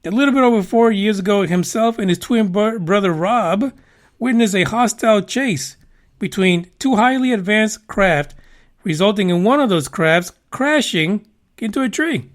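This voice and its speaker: A man with a high voice hosts a casual podcast. He rambles through the news with profane, wisecracking asides. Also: animated, normal speed. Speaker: podcast host.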